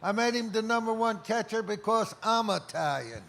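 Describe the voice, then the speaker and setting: A man's voice: high-pitched, lively intonation, normal speed, creaky, fairly bright tone. A man in his eighties, accepting an award and telling jokes in a wry storyteller's manner. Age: 80s. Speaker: award honoree.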